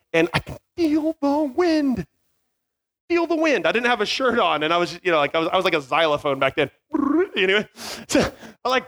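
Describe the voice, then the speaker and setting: An audience hears a man's high voice as he tells a comic story full of self-mockery and acted-out noises. He's lively throughout, and a small mic is clipped near his beard.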